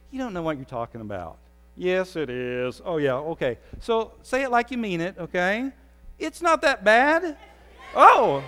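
A man's voice: sits high, big-room sound. A man preaching a conversational sermon as the pastor. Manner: conversational preaching, pleading with the audience.

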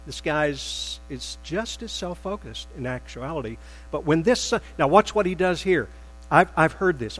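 A man preaching a sermon as pastor, emphatic and animated, acting out quoted lines with rising bursts. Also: a little high, big-room sound, poor audio.

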